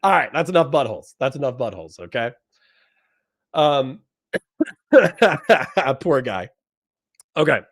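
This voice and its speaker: A man's voice: mid-range voice, sing-song, slow, long pauses. A man, a Marine veteran, telling a rambling, profane story in casual chat and often breaking into laughter.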